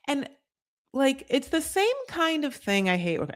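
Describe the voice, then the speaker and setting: An American woman hosting a reality TV recap in casual talk, blunt and profane, with sarcastic rants, many fillers and quick asides. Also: high-pitched, big pitch swings. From United States.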